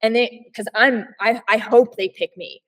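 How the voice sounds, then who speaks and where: A woman with a fairly high voice chats in a casual group discussion. She is playful and blunt, and often rambles and restarts her sentences. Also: steady tone, normal speed, fairly bright tone, low-quality recording. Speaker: panel guest.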